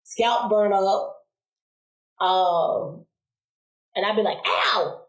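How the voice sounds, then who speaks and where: A woman in her forties, a podcast guest, telling childhood stories in a casual interview, animated, laughing and acting out voices. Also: mid-range voice, drawn-out words. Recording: roomy echo.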